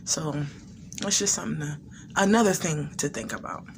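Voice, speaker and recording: A woman's voice: low-pitched, moderate pace, noisy background. A woman giving casual commentary as a reaction video host, thinking aloud with frequent restarts.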